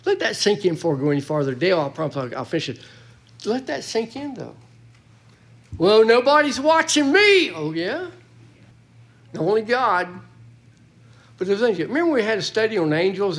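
A man teaching a Bible study as pastor, folksy and animated, with joking asides to his congregation. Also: fairly high pitch. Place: church.

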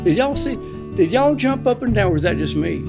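A man's voice: high-pitched, brisk, vocal fry, over music. Folksy preacher man, winded. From Florida. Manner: folksy, excitable, storytelling. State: out of breath. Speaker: pastor. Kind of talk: sermon.

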